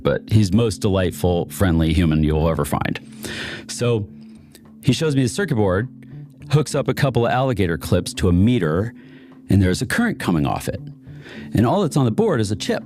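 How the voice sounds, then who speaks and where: A man's voice: lowish voice, very animated, brisk, a little mellow, soft background music. A man being interviewed as an inventor and investor, telling stories casually and laughing often between phrases. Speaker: inventor and venture capitalist guest.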